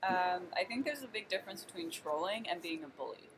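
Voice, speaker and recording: A woman's voice: lowish voice, expressive, brisk, fairly bright tone, a little hiss or hum, poor audio. A young woman chatting as a guest on a casual livestream from a hotel lobby, stumbling over words and laughing easily. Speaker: guest co-host.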